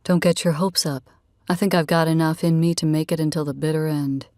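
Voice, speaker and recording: A woman's voice: low-pitched, fairly even intonation, a little fast, warm tone, no echo, clean studio sound, close to an everyday voice. A woman voicing a rugged, teasing young man. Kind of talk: audiobook character reading.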